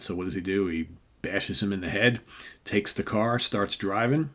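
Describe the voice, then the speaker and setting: Deep-voiced older man retelling comics. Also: normal speed. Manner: animated storyteller, acts out dialogue with filler words. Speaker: comic book show co-host. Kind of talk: casual retelling of comic stories.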